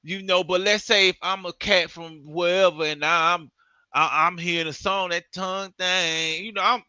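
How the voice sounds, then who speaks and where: A man's voice: sits high, steady tone, moderate pace, pushed and bright, clear, resonant tone, no room sound. A man hosting a casual interview, laid-back and agreeable with lots of slang. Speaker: interview host. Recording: dull lo-fi audio.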